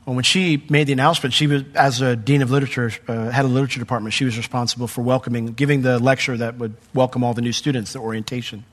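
A middle-aged male pastor preaching a sermon, animated when retelling a story and hushed when sharing his own testimony. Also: mid-range voice, rapid-fire, few pauses. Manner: animated storyteller, voice jumps up when acting out the crowd; drops to a soft, hushed tone for personal testimony.

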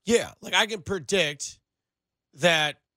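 Speaking slowly and expressively in a high, pushed, bright voice, a man hosts a casual sports talk radio show from a studio. He is the show's producer and host, rambling loosely with lots of filler words into a studio microphone, with no room sound.

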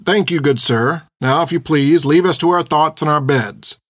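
A man's voice: on the high side, moderate pace, a bit bright, dry recording, studio quality, voice pushed up. A man voicing a stern, formal male town mayor who demands answers in an audiobook.

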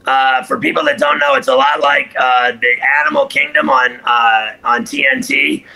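A man's voice: medium pitch, sing-song, normal speed, vocal fry, bright, forceful tone, rough recording. A man chatting casually as a radio co-host, joking and boisterous, teasing his friend. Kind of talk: casual chat.

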